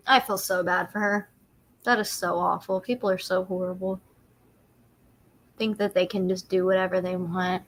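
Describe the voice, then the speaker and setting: A woman hosting a casual livestream chat, talkative and quick to laugh. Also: lowish voice, fairly even intonation. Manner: chatty, laughs often. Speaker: livestream host.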